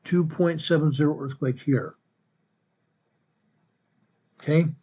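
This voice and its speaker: Man, fairly high voice, earthquake map report, repeats numbers, self-correcting. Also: steady tone, slow pace, warm tone, breathy edge. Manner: repetitive, restates each quake figure; corrects himself mid-sentence. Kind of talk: narrating a map-based earthquake update.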